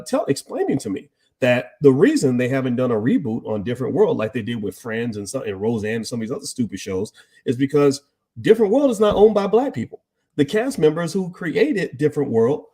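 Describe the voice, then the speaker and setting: A man's voice: a little high, dark tone, slightly rough. A man hosting a live stream, talking emphatically to his chat audience and firing off rhetorical questions.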